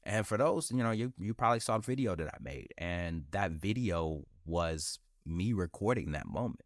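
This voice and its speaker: Man, podcast host, very low voice, dry close sound, candid, slangy, repeats himself for emphasis. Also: animated, normal speed, no room sound. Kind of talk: casual motivational monologue.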